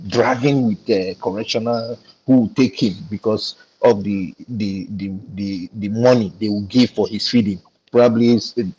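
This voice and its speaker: A man's voice: lowish voice, muffled recording, slight background noise. A Nigerian man talking with indignation on a discussion panel, telling a story and acting out the dialogue. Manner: indignant, tells stories with quoted dialogue. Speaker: panel guest.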